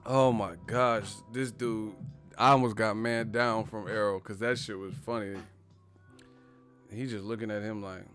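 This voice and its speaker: A man's voice: medium pitch, fairly even intonation, moderate pace, fairly bright tone, clear, resonant tone, faint music behind. A man hosting a boxing live stream, chatting casually and profanely, full of fillers and asides. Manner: loose, profane, filler-heavy banter.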